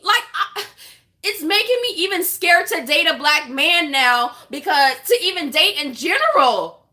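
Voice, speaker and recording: A woman with a high voice and a bright, forceful tone delivers a vlog rant to her viewers. She talks bluntly and with passion and swears freely. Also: very animated, takes it slowly. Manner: impassioned, blunt, profane. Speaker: vlogger. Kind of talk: casual vlog rant to camera.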